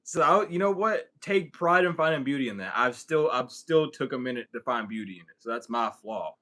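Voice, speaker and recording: A man's voice: mid-range voice, animated, fairly quick, bright, forceful tone. A man answering questions in a casual livestream, joking and rambling with a lot of swearing. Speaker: spiritual content creator answering questions.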